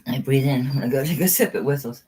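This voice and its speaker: A woman's voice: extremely low pitch, fast, dark tone, breathy edge, low-quality recording. A woman running a live online jewelry auction in casual chat, cooing at her dog between bids.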